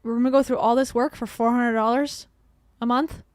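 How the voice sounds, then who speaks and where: A woman's voice: on the high side, fairly even intonation, a little fast, darkish tone, no room sound, studio quality. Chatty, sarcastic woman streamer. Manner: chatty, sarcastic, laughs often. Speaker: commentary streamer. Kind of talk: casual reaction commentary.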